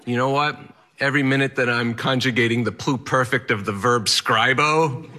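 A man's voice: medium pitch, pushed and bright. A man telling a personal story in the first person, in an earnest, plainspoken and wry way.

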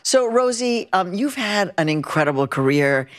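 A woman's voice: medium pitch, sing-song, normal speed. A woman hosting a live interview, chatty and playful, dropping in a few Spanish words. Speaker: host. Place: live event space with an audience. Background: faint audience.

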